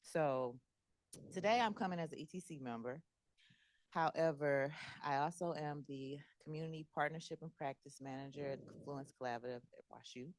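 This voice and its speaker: A woman's voice: deep voice, fairly quick, no echo. A woman community partnership manager introducing herself formally at a meeting, listing her roles.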